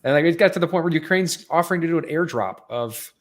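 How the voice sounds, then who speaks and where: A man's voice: a little high, lively intonation, fast. A man co-hosting a podcast in casual chat, earnestly explaining at length. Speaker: podcast co-host.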